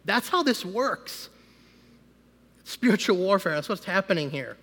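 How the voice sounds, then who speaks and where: A man, a pastor, giving a conversational sermon that rises into loud, emphatic preaching. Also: high-pitched, sing-song, unhurried. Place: church sanctuary. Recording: long hall reverb.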